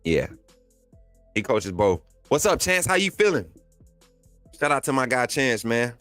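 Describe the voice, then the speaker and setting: An animated man with a thick Southern Alabama accent hosts a live stream, chatting casually and laughing as he answers viewers. His mid-pitched voice swings lively up and down, recorded close and dry with faint music underneath. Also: a little slow, dry recording. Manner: animated, laughs often, reads and answers chat comments. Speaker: host of a live sports stream.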